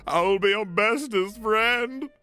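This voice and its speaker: A man voicing a big, soft-hearted male crocodile prisoner who talks in a soft, pleading, sniffly way, reading game dialogue aloud. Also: high voice, slow, smooth, faint music behind, pitched above the performer's own voice, full character voice.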